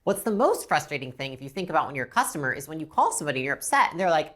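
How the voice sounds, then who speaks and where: Racing along with hardly any pauses, this woman speaks in a low voice as she delivers a business lesson. She talks bluntly with casual swearing, now and then animatedly performing what customers and staff might say.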